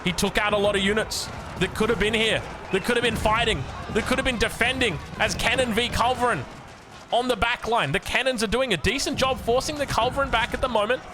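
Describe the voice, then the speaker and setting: A man with an Australian accent casting a strategy game, excitable and chatting to the players, his voice jumping up when surprised. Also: very high-pitched, fairly quick, background noise. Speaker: game caster.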